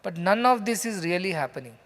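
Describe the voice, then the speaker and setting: A man's voice: sits high, lively intonation, a little fast, fairly bright tone. A man with an Indian English accent gives a scripture lecture to a live audience in a large hall, telling stories and putting questions to the listeners. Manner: conversational storytelling, asks the audience questions. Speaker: spiritual teacher. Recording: reverberant hall.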